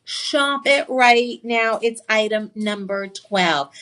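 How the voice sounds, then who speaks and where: A jewelry presenter on a live TV shopping channel chats excitedly in the studio, confiding stories from her life and making sassy asides to viewers. Her voice is a little high, and she speaks at a slow pace.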